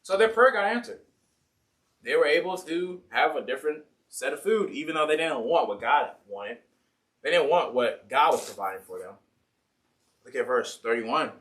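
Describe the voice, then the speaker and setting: Higher-voiced man preaching in church. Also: animated, normal speed, fairly bright tone, distant mic. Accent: Ohio. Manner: casual, voices complaining Israelites and God in everyday speech. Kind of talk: sermon. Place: church sanctuary.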